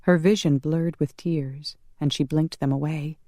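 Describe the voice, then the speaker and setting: An audiobook narrator reading a romance in a measured, calm manner. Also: mid-range voice, dry recording, clean studio sound. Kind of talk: scripted narration.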